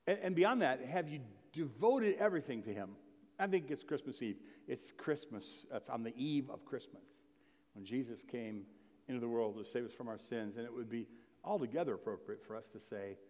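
With a mid-range, expressive, slightly mellow voice at a moderate pace, a male pastor gives a casual Christmas Eve sermon. He reads scripture with rising emphasis and asks the congregation questions, his words echoing through a large hall.

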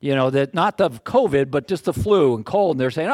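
An older man preaching in a folksy, self-deprecating way, spinning a personal story with animated energy. His voice sits a bit high. The sound is dry and close. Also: fast, hardly any pauses, no echo. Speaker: pastor. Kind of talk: storytelling sermon.

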